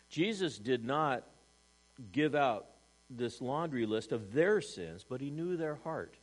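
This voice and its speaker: Man preaching, loud then hushed. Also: medium pitch, very animated, measured pace, long pauses, poor audio. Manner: dynamic, swings from loud emphasis to hushed, rhetorical questions. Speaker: pastor. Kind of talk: sermon. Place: church service.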